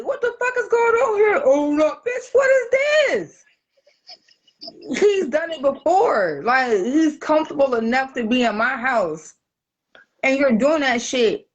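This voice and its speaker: A woman telling a personal story in casual podcast chat, profane and animated. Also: medium pitch, dull audio. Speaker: guest.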